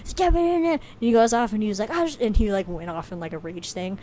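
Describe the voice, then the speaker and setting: A woman in casual conversation who retells scenes with energy, jumping into quoted voices and breaking into laughter. Her pitch sits in an ordinary middle range. A faint hiss of background noise runs under the recording. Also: fast talker. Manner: animated storytelling, acts out quotes with laughter. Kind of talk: casual chat.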